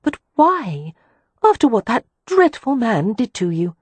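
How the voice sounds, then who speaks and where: A kind, gentle young sister speaking affectionately, voiced by a woman reading aloud. Her tone sits a little higher and breathy, recorded dry and close. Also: big pitch swings, a little slow, dry recording, full character voice. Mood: puzzled. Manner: gentle and warm.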